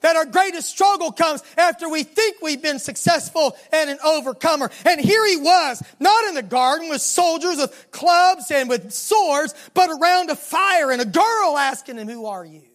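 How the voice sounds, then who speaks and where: Southern-accented preacher with a high voice. Storytelling sermon, dramatic, slow and low on the key lines. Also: expressive, fairly bright tone. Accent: Southern American. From Southern United States. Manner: dramatic storytelling, slowing down and dropping low for emphasis.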